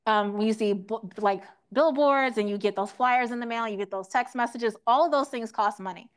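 Brief: young woman, highish voice, lecturing a group, asks questions, acts out quotes. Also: normal speed, clean tone. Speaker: teach-in speaker. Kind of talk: interactive classroom lecture.

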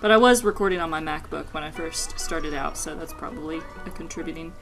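A woman hosting a video game match, chatting casually with her guest, laughing easily and getting excited about the game. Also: low-pitched, a little fast, over music, low-quality recording. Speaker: host of a game versus series. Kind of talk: casual chat while playing a video game.

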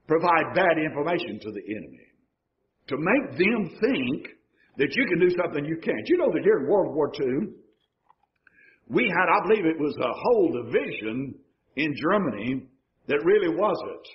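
A fairly high-voiced man, preaching in a church. His pitch climbs and drops sharply as he presses each point. The recording sounds dull and lo-fi. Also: very animated, a little hiss or hum. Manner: preaching with rising and falling emphasis, halting restarts. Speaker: pastor. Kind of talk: sermon. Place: church sanctuary.

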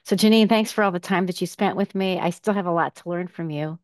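A woman's voice: on the low side, quick pace, dry recording, clean studio sound. A woman who works as a director of pastoral care records a plain, sincere tribute message.

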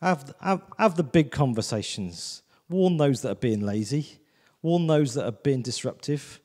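A man gives a sermon in a church with a mellow, warm tone. He talks loosely and personally, stopping often to check in with the congregation. His pitch sits in a middle range. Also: lively intonation, a little slow, in a large hall. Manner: conversational, repeats "do you know what I mean". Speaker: visiting preacher.

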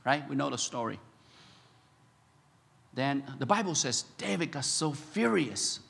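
Male pastor, bright husky tone, halting delivery full of fillers with animated bursts, sermon recorded in an echoey church hall. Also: medium pitch. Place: church sanctuary.

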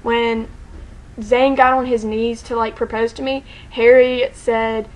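A woman tells a story straight to camera in a loose, casual vlog. Her voice sits a bit high, and she rambles excitedly, with filler words everywhere and laughter breaking through. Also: slow, low-quality recording. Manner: excited, rambling, heavy use of "like", frequent laughter. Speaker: fan telling a story.

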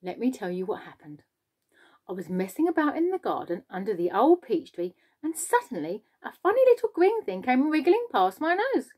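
A woman's voice: fairly high pitch, sing-song, moderate pace, slightly rough, pitched above the performer's own voice. A woman voicing a boastful, cheeky male giant centipede in a children's storybook reading. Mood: boasting. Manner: loud, gleeful, boasting.

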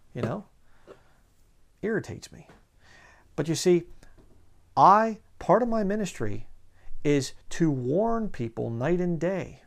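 A man preaching a sermon in a conversational way, slowing down to read scripture aloud. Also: on the high side, creaky.

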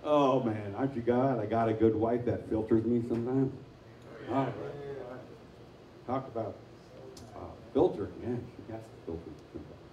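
Echoey, mellow-voiced male pastor preaching. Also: mid-range voice, normal speed, long pauses, muffled recording, slight background noise. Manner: conversational storytelling, acting out quotes. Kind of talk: sermon. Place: church sanctuary. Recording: echoey room, mic from far off.

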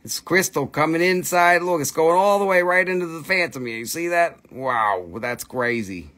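A man hosting a live crystal sales stream in the shop, talking in a loose, excitable way and squealing with delight at each new price. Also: a little high, moderate pace. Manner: excitable, squeals "whee" at prices, non-native phrasing. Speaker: livestream crystal seller.

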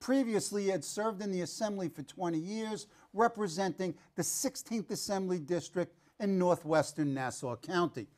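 A man's voice: high voice, moderate pace, hardly any pauses, darkish tone. A man hosting a public affairs TV interview, enthusiastic and joking, sometimes tripping over names. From New York. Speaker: TV talk show host.

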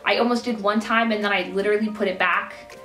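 A woman's voice: fairly even intonation, quick pace. A young woman with a slight lisp from aligners, getting over a cold, chatting casually and self-mockingly as she does her makeup for a vlog. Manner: chatty, self-mocking, bursts into high baby talk. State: recovering from a cold. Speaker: beauty vlogger. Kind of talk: casual get-ready-with-me chat. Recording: roomy, mic a little distant, soft music.

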